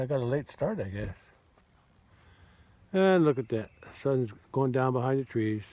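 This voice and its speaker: Out in a pasture, a farmer narrates his work for a casual vlog, rambling and chatting aloud to his cattle. His voice is mid-range and the audio sounds dull.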